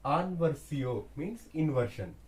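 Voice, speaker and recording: A man teaching French in a slow classroom explanation, repeating key words deliberately. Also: fairly high pitch, lively intonation, darkish tone, slight background noise.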